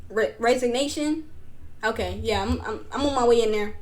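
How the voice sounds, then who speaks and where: A young woman streamer telling a school story to her chat, animated, loose and full of slang. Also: fairly high pitch, normal speed. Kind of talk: casual storytime chat with viewers.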